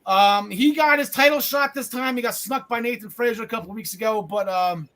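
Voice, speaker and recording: Male podcast host, high-pitched, rambling, quick to joke and self-correct. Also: fairly bright tone, low-quality recording. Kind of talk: casual wrestling podcast chat.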